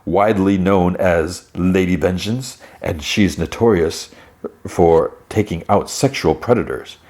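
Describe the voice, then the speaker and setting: A man voicing a formal, controlling wealthy host who speaks in a measured way. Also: sits low, a little mellow.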